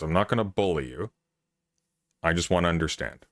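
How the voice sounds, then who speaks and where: Deep-voiced calm, firm man. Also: dry recording, clean studio sound. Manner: calm, measured, firm and lecturing. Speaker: interviewer.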